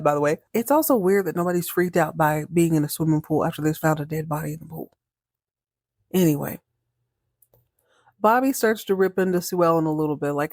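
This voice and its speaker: A woman hosting a podcast, recapping a TV episode in a chatty, animated way and acting out the characters' lines. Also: sits low, no room sound, studio quality. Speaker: podcast host.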